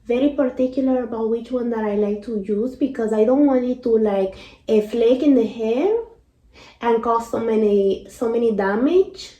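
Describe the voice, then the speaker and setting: A woman's voice: fairly high pitch, moderate pace, dark tone, voice pushed down, natural voice. A woman voicing a chatty female salon stylist with a Spanish accent, rambling and dropping Spanish fillers. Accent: Spanish-accented English. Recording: roomy echo.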